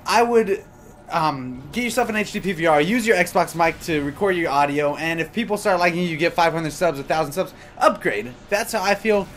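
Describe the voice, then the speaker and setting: Young male gaming commentator, slightly high voice, loose and rambling, faint hiss behind him. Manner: rambling and chatty, with many fillers. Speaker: gaming commentator answering viewer questions. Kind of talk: casual gameplay commentary chat. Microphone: desktop USB microphone.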